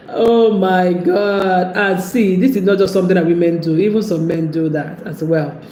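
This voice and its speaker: A woman's voice: on the low side, unhurried, a little mellow. A woman giving casual relationship advice, chatty and laughing often as she acts out what a partner might say. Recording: echoey room with faint background noise.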